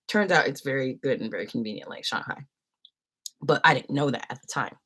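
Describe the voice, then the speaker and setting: Chatty woman with a lowish voice. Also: brisk, a bit bright. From San Francisco. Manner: chatty, rambling, many fillers. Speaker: livestreamer. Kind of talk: casual storytelling chat.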